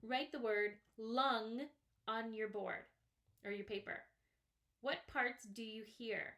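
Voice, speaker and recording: Woman, first grade teacher, slightly high voice, slow and patient, sounds out every word part. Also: steady tone, a bit bright. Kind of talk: slow, clearly sounded-out phonics lesson. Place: classroom or home, writing on a small board.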